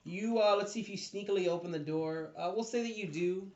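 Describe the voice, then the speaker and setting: A man's voice: sits high, darkish tone, slight background noise. Laid-back man running a tabletop game. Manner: loose, laughing, filler-heavy storytelling with quick put-on voices. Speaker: dungeon master. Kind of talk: casual tabletop game narration. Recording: dull echoey room recording.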